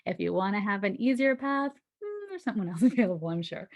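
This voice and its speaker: A woman's voice: medium pitch, lively intonation, a little fast, a little mellow. A woman giving a casual weekly astrology forecast, chatty and reassuring, often laughing as she talks.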